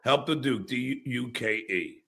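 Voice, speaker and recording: Brash streamer guy, slow and gravelly, voice swings all over, taunting. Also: medium pitch, lively intonation, bright, forceful tone. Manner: brash, taunting, drawn-out phrasing. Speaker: live streamer. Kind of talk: rambling live stream talk.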